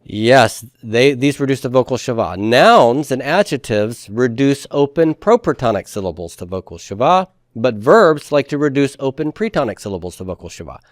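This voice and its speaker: A man teaching a grammar lesson at an average pitch, recorded close and dry with no room sound. He explains step by step with patience and keeps having the class repeat forms back to him. He drops in folksy comparisons along the way. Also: lively intonation, moderate pace, hardly any pauses, dry recording. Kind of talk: classroom lecture.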